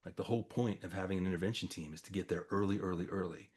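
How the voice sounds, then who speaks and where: A man's voice: sits low, rapid-fire, a little mellow, slightly rough. A man in his forties casually telling a story to a small group, acting out the dialogue as he goes. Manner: conversational, acts out quoted dialogue, frequent fillers. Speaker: storyteller recounting a campus crisis.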